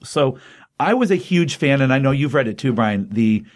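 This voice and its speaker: A man's voice: mid-range voice, normal speed. A man co-hosting a casual comic book chat, retelling a comic's plot with energy and loosely quoting the characters. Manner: animated storyteller, quoting characters loosely without voices. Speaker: comic book podcast co-host.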